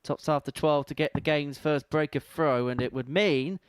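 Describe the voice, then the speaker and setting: A man's voice: a little high, normal speed, smooth, no room sound. A man commentating on a darts match with wry, conversational play-by-play. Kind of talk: sports commentary.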